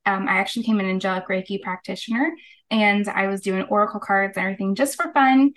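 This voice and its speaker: A woman's voice: mid-range voice, steady tone, quick pace, a bit bright, low-quality recording. A middle-aged woman, a guest on an interview show, telling her story in an earnest, casual way and acting out the voices of people she quotes. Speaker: guest, holistic practitioner.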